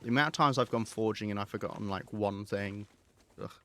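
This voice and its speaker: Man, live game commentary, rambling hesitant delivery, slightly low pitch. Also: a little fast, sharp tone. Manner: rambling, thinking aloud with hesitations. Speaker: game streamer.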